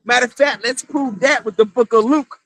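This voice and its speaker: A male street preacher giving a fiery sermon, shouting scripture lines and saying "all right" after nearly every phrase. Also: very high voice, steady tone, brisk, no echo.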